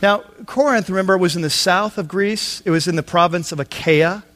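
A man's voice: high voice, fairly quick, a bit bright. A man preaching a sermon on a Bible passage, talking conversationally with asides and acted-out quotes. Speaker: pastor.

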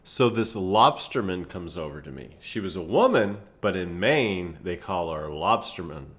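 A man telling a travel story in a casual chat, animated and laughing often. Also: low-pitched, unhurried. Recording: roomy echoey room.

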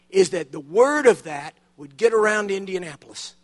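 A man's voice: sits high, animated, moderate pace, hardly any pauses, fairly bright tone. A man preaching a sermon in a church, speaking with an emphatic, building cadence. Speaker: guest preacher. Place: church sanctuary.

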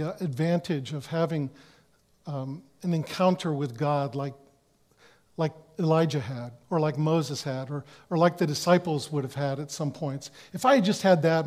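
Earnest preacher, a man with a high voice. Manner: earnest, with frequent restarts, dropping to a hush for quoted words. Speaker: pastor. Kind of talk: sermon.

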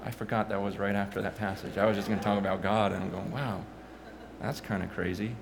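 A man's voice: lowish voice, little pitch movement, racing, creaky, background noise. Impassioned preacher man, stammering restarts. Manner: impassioned storytelling, stammering restarts, rising to near shouts. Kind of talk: sermon.

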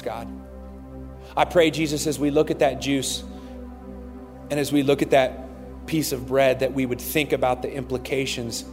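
A man preaching a sermon as pastor, reading scripture aloud with fervent, rising intensity in a large church auditorium. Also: mid-range voice. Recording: long hall reverb.

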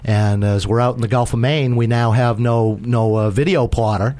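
A man's voice: mid-range voice, fairly even intonation, normal speed. Male, casual storyteller, rambling and self-deprecating, talks about boats. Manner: rambling, self-mocking, acts out quoted shouts. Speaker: sailor telling a sea story.

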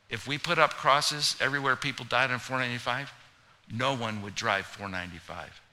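Bright-voiced preacher. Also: male voice, mid-range voice, brisk. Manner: conversational, humorous, rising to loud emphatic preaching. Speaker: pastor. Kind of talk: sermon.

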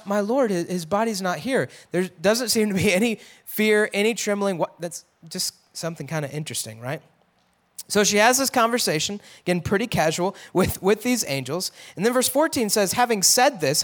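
A man teaching a Bible passage in a casual, conversational way, acting out the quotes with a raised voice and dropping to a hush for emphasis. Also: sits high.

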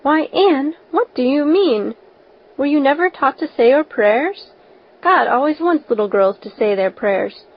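A woman's voice: on the high side, normal speed. A woman reading the part of a strict, stiff older spinster who scolds and admonishes. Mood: shocked. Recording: dull lo-fi recording.

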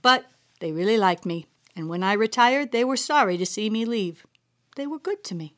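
A woman's voice: mid-range voice, lively intonation, moderate pace, close to an everyday voice. A woman voicing an older grandmother, a retired cook, plainspoken and proud, telling a fond, chatty story with exclamations. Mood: reminiscing.

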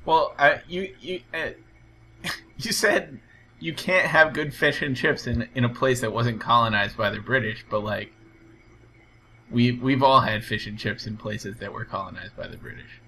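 Very bright, wry male podcast co-host. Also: medium pitch, slight background noise. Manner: quick, wry, joking. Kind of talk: casual podcast banter.

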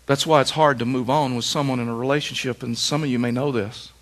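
A man's voice: medium pitch, fairly even intonation, fast talker, a bit bright. A middle-aged man pastor preaching a sermon, with emphatic repetition and rhetorical questions.

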